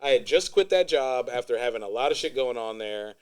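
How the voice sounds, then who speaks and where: Man, podcast co-host, laid-back, joking, casual chat, mid pitch. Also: animated, a little fast, smooth.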